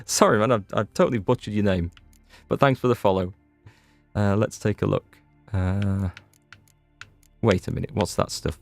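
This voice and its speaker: A man's voice: on the low side, moderate pace, vocal fry, pauses often, no echo. A man with a Northern Irish accent giving rambling, chatty let's-play commentary while he streams a game. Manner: chatty, rambling, self-interrupting. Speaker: gaming streamer. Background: faint game music.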